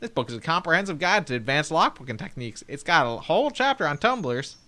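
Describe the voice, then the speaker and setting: A man's voice: on the high side, sing-song, quick pace, bright, forceful tone. A young man streaming a game, playfully commenting and reading dialogue aloud. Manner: playful, jokey, laughs often.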